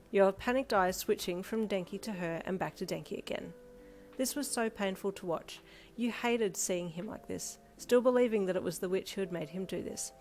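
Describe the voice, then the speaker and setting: Narrator: woman, steady gentle storyteller, soft backing music under her. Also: mid-range voice. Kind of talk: second-person audio fanfiction narration.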